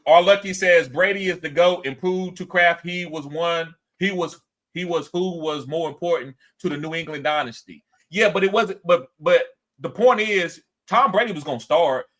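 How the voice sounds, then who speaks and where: A man hosts a casual sports talk podcast in an animated way, reading chat comments aloud and acting out quotes in a higher voice.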